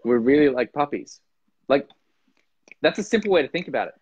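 A man from Norway, a podcast guest talking casually and animatedly, acting out voices with big pitch jumps. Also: animated, fairly quick, darkish tone, breathy edge, no room sound, lo-fi sound. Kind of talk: casual conversation.

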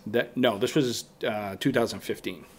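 A man's voice: lowish voice, steady tone, normal speed, slight background noise. A man talking as a podcast guest, telling a rambling story and acting out his own past thoughts in quotes. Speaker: guest bowhunter. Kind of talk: casual storytelling in a podcast interview.

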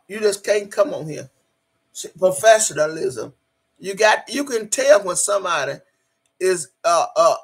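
A woman's voice: mid-range voice, creaky, slightly rough. A middle-aged woman hosting a casual livestream, reading out the chat and talking straight to viewers, emotional and swearing freely.

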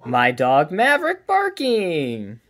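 A man's voice: fairly high pitch, huge pitch swings, slow pace, fairly bright tone, slight background noise. A man hosting a card pack opening, chatting casually and calling out each card as he pulls it. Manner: upbeat, chatty, calls out each card as pulled. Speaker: card collector and channel host.

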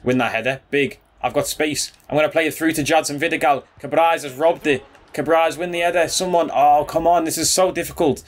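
Excitable gaming commentator, male. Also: on the high side, brisk. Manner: excitable, calls viewers bro and boys. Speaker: gaming YouTuber. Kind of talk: casual gameplay commentary.

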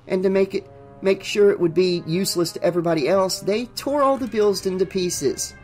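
A man voicing a young woman, a wry bank teller, in an audiobook reading, with his pitch lifted. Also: moderate pace, darkish tone, soft background music, close to an everyday voice.

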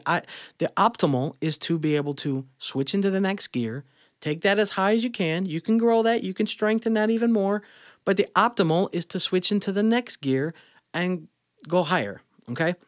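A man's voice: on the high side, fairly bright tone, no echo, studio quality. A male vocal coach giving a casual singing lesson in a blunt, opinionated way, breaking off to demonstrate sounds with his own voice.

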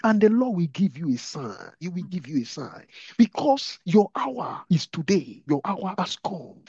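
Fervent high-voiced preacher man. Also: big pitch swings, unhurried, dark tone, slightly rough, no echo, dull audio. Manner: praying in tongues, repeating phrases, commanding. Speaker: pastor leading prayer. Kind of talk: fervent prayer and sermon.

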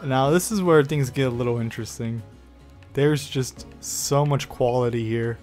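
A man giving excitable let's play commentary, swearing often and taunting the creatures on screen. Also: medium pitch, normal speed, faint music behind. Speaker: gaming YouTuber.

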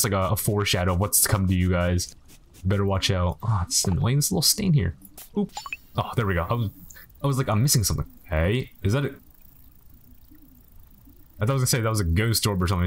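Playful young man with lively pitch. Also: fast talker, slight background noise. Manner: joking, playful, talks to game characters. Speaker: gaming commentator. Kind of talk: casual let's-play commentary.

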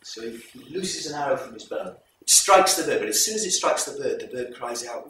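A man presenting a folk performance, retelling the tale to a live audience in a measured, explanatory way. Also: mid-range voice, animated, fairly bright tone, slight background noise. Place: live event hall. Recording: echoey hall recorded from far off.

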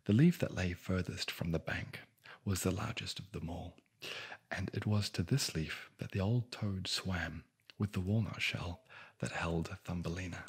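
Soft-spoken and husky, a low-pitched man whispers a bedtime fairy tale into a close microphone as an ASMR sleep story. He keeps a measured pace and slips in wry, joking asides.

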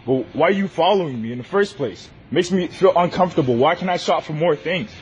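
A man filming on his phone inside a large store, loudly and insistently confronting staff who follow him. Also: fairly high pitch, expressive, fairly quick, slightly rough, lo-fi sound. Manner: loud, insistent, repeating demands. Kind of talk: heated filmed confrontation. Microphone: handheld phone recording.

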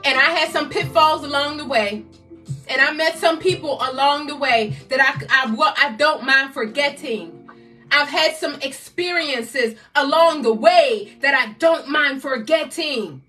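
A woman in her fifties from the United States, a motivational speaker giving a loud, exhorting live-stream talk that keeps repeating rallying phrases. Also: high voice, measured pace, far from the mic, soft background music. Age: 50s.

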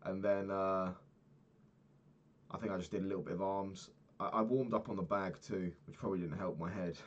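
A man's voice: low voice, fairly even intonation, moderate pace, lo-fi sound. A young man chatting casually about his day over a video game, rambling and swearing freely. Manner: rambling, sweary, self-mocking, frequent restarts. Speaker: vlogger. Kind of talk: casual daily diary talk over gameplay.

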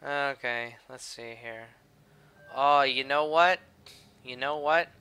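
A man's voice: mid-range voice, takes it slowly, bright, forceful tone, smooth. A young man doing casual let's-play commentary, rambling and sarcastic, talking back at the game. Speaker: gameplay commentator.

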